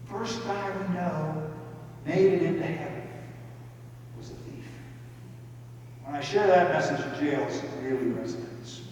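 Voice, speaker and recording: A man's voice: fairly high pitch, expressive, measured pace, pauses often, darkish tone. A man giving a talk in a church, retelling a story in a casual, emphatic way. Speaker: guest speaker. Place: large church. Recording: echoey hall, distant mic, faint noise.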